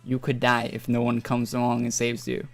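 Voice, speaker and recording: A young man from northern Alberta, Canada, talks in a monotone at medium pitch and a moderate pace. He's rambling and swearing casually in a gaming stream chat, with faint music playing behind.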